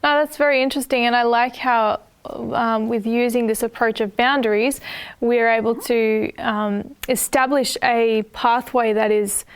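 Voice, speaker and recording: A woman from Australia hosting a radio interview, listening closely with soft affirmations and asking thoughtful follow-up questions. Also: a little high, steady tone, measured pace, clear, resonant tone. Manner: attentive, frequent soft affirmations. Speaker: host.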